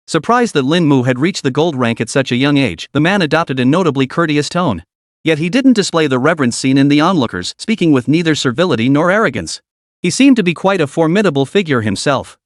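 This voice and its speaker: A man narrates a fantasy comic story in a scripted, storytelling way. His voice sits a little high and moves up and down a lot. The sound is dry and close. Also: lively intonation, brisk, dry recording.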